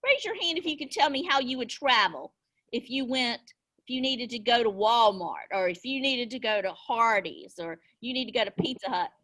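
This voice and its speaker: A middle-aged woman teaching young children over a video call, slow and sing-song, encouraging them with little gasps of delight. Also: on the high side, lively intonation, fairly bright tone. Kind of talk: online class lesson for young children.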